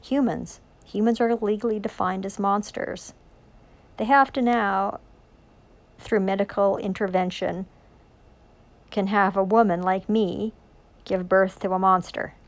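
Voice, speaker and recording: A woman of ordinary pitch preaches at length about scripture in an intense, rambling monologue. She swears freely and drives her points home with rhetorical questions. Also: steady tone, a little slow, pauses often. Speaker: self-styled religious preacher.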